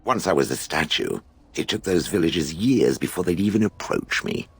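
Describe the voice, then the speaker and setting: A man's voice: deep voice, very animated, normal speed, creaky, slightly rough, full character voice. A man voicing a sardonic, disdainful ancient stone golem in video game dialogue, speaking in a dry, mocking, condescending way.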